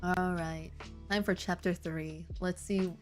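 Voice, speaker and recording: Young woman reading fanfic out loud n cracking up at it, incredulous asides, faint music under. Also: on the low side, fairly even intonation, slow. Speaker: host reading fanfic aloud. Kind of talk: comedic reading and commentary.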